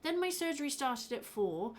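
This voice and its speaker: A woman voicing a mild male village doctor with an Irish accent, speaking hesitantly and softly. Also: high-pitched, big pitch swings, moderate pace, a little hiss or hum, pitched above the performer's own voice. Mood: measured.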